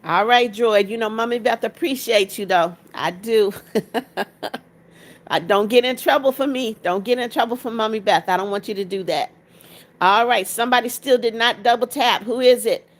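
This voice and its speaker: A woman's voice: fairly high pitch, normal speed. A woman hosting a casual livestream, greeting viewers by name, reading their comments aloud and coaxing them to tap likes. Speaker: livestream host.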